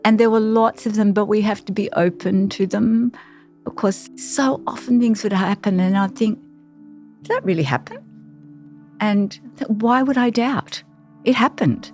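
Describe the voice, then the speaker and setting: A woman, a carer, telling her personal story in an interview, reflective and halting with many pauses. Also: mid-range voice, darkish tone, faint music behind.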